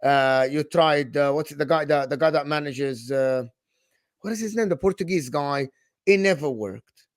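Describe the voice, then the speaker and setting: A high-pitched man presses a fellow fan in a heated football debate. He pushes, repeats his question and won't let it go. His voice sounds dry and close to the mic. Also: normal speed, no room sound.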